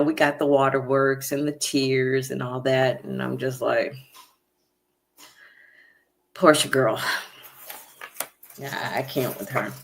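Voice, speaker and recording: A woman hosting a casual reality TV recap, chatty and opinionated, with many fillers. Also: sits low. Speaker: recap show host.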